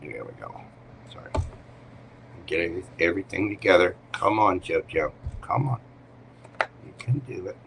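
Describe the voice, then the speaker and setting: A man's voice: low-pitched, animated, normal speed, creaky, pauses often, very noisy. A man hosting a casual live tarot reading, chatting to viewers and talking to himself as he shuffles cards at home. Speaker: tarot reader.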